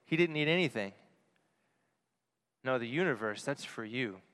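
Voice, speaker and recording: A priest giving an earnest Christmas homily, asking rhetorical questions and dropping softly on key phrases. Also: male voice, mid-range voice, lively intonation, normal speed. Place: church. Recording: long church reverb.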